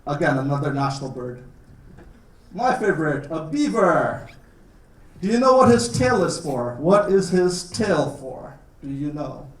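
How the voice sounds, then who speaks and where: A man's voice: a little high, big pitch swings, a little slow. A man from Canada giving a playful talk to a class about his country, keeping his words simple for learners and joking often. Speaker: guest lecturer. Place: classroom or lecture hall. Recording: roomy, distant classroom recording.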